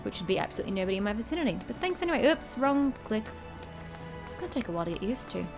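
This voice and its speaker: A woman's voice: on the high side, very animated, racing, over music. A woman giving casual gaming commentary, chatty and swearing freely as she reads game text aloud. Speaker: gamer.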